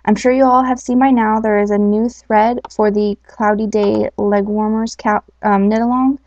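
Here a podcast host speaks in a somewhat mellow, mid-range voice, keeping a steady tone and moderate pace. She reads a story in a chatty way, laughing readily and leaning on many fillers, over a dull lo-fi home recording.

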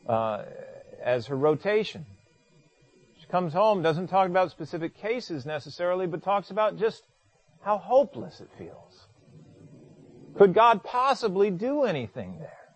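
A man preaching a sermon from scripture, praying in a hushed voice and acting out pleading lines with drama. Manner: hushed, low-voiced in prayer. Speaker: pastor. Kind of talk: sermon with scripture reading and prayer.

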